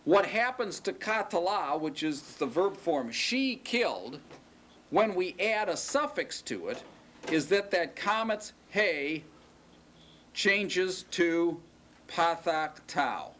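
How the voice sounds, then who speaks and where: A middle-aged man lectures a class at a slow, unhurried pace, walking through each point patiently and stopping to ask whether everyone follows. His voice sits a little higher than most men's, and a faint hiss of noise runs under the classroom recording. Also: expressive, a bit bright. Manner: patient, explains step by step, asks the class if they follow. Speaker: Hebrew teacher.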